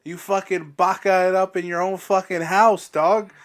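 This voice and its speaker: A man's voice: sits high, steady tone. Man tossing out teasing quips. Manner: quick teasing interjections, laughs often. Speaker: podcast co-host. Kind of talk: casual comedic chat.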